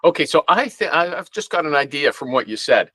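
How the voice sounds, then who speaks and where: A man's voice: fairly high pitch, expressive, fairly quick, fairly bright tone, no room sound. A man hosting a casual talk show, probing his guest and thinking aloud. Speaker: show host. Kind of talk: casual podcast chat.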